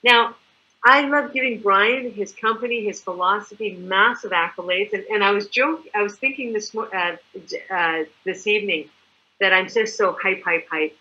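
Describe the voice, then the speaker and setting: Animated woman presenter, bright and high-ish, slightly muffled lo-fi audio. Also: normal speed. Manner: animated, chatty, acts out examples. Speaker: product distributor presenter. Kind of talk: enthusiastic sales presentation. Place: living in Mexico.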